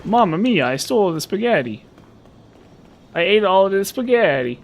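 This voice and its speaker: A man's voice: high-pitched, big pitch swings, normal speed, pitched above the performer's own voice. A man voicing a goofy male game thief with an exaggerated fake Italian accent. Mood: silly.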